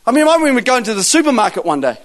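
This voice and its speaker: A man preaching and telling lively stories, acting out both sides of conversations with loud bursts. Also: extremely high pitch, very fast. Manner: animated storyteller acting out dialogue, loud bursts. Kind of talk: sermon storytelling.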